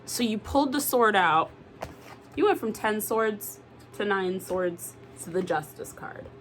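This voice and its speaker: A woman doing a casual tarot reading to camera, animated and exclamatory, swearing freely. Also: mid-range voice, a little slow, slight background noise. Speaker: tarot reader.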